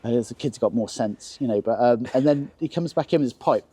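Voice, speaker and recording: An English man with an animated, anecdotal way of talking, telling stories about his car as an interview guest. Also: fairly quick, breathy edge, no room sound. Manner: animated anecdotes, jumps high for acted quotes. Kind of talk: casual storytelling interview.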